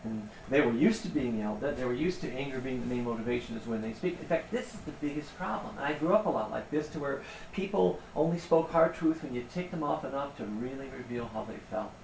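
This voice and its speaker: Guy preaching, gravelly voice, chatty storytelling, kinda far off in an echoey room. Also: mid-range voice, quick pace, a little hiss or hum. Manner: conversational, animated storytelling. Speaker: pastor. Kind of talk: sermon. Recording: roomy sound from a distance.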